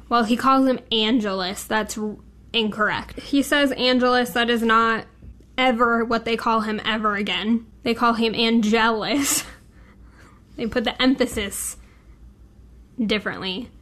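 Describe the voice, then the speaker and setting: A woman with a fairly high voice speaks slowly and evenly, keeping her tone flat as she co-hosts a casual podcast chat. She answers her co-host mostly with short agreeing words. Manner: slow and even, with short agreeing replies. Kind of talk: casual chat reviewing a TV episode.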